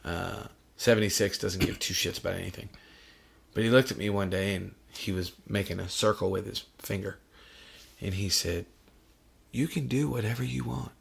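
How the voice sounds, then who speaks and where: A man's voice: low-pitched, steady tone, moderate pace, vocal fry, husky. A middle-aged man hosting a podcast, talking bluntly and profanely in casual chat. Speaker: podcast host.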